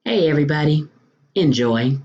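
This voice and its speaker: A woman's voice: low-pitched, expressive, normal speed, a little mellow. Chatty woman cooking-show host, lo-fi sound. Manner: chatty, sprinkles in endearments like honey and baby; playful food exclamations. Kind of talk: home cooking demonstration.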